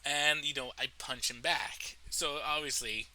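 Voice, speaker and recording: A man telling a story from his life in a casual storytime monologue, animated and profane, laughing at his own tale. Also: on the high side, measured pace, rough recording. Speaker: storytelling vlogger.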